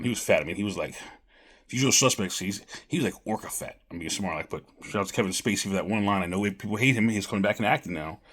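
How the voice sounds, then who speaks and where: A man's voice: on the low side, a bit bright, breathy edge. A man giving rambling casual political commentary straight to camera, calling his viewers folks. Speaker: vlogger.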